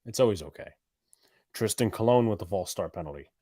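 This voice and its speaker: A man doing play-by-play commentary on a fan livestream, mixing excited play calls with joking banter. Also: on the low side, brisk, breathy edge, no echo, clean studio sound.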